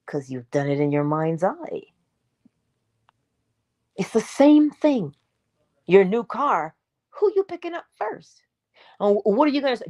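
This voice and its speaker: This inspirational speaker has a medium-pitched voice and talks a little slowly, leaving long pauses. Her motivational morning talk is animated and preacherly, with loud, emphatic moments, hushed asides, and rhetorical questions aimed directly at her audience.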